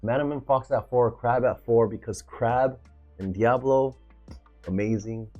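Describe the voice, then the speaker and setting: A man hosting a casual card game deck review, talking in an excitable, hype-filled way and often trailing off to restart a sentence. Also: mid-range voice, a little slow, highs cut off, soft background music. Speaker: card game video host.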